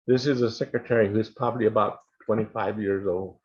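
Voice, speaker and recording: Older male panelist, deliberate and low, recounting a story on a lo-fi broadcast. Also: fairly even intonation. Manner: slow, measured storytelling with quoted dialogue.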